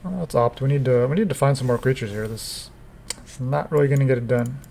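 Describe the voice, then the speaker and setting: Man, mid-pitched voice, relaxed game commentator with dry, wry asides. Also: brisk, gravelly, a little hiss or hum. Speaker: gameplay commentator. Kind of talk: casual gameplay commentary.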